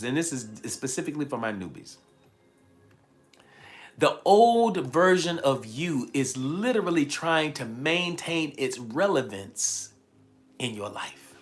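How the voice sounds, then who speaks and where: A slightly high, fairly bright-voiced life coach talks into a handheld mic during a livestream pep talk. Emphatic and repetitive, he reads out viewers' comments and thanks them individually by name.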